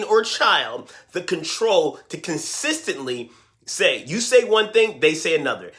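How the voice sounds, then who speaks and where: A middle-aged man coaching parents straight to camera, energetic and emphatic, often putting questions to his viewers. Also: on the high side. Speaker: parenting and teen life coach. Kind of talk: direct-to-camera coaching talk.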